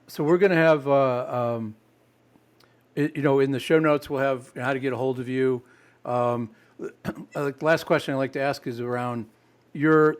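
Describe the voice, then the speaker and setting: A man from the Midwest hosts a business podcast in a medium-pitched voice. He asks friendly, rambling questions and fills his pauses with "um" and "uh.". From American Midwest. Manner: friendly, chatty questions with fillers. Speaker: podcast host. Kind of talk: casual interview chat.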